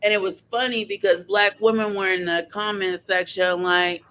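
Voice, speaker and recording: A woman hosting a casual podcast chat, animated and sassy, laughing often as she talks. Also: medium pitch, moderate pace, few pauses. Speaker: podcast host.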